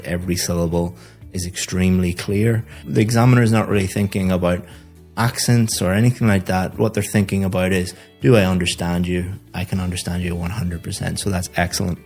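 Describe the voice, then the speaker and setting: A man with a very low voice works through a student's speaking test point by point. He stays calm and methodical and often repeats a word while he finds the next one. Soft music plays underneath. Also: brisk, vocal fry. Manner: calm, methodical, repeats words when thinking. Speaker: IELTS teacher giving feedback. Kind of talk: speaking test feedback and course promo.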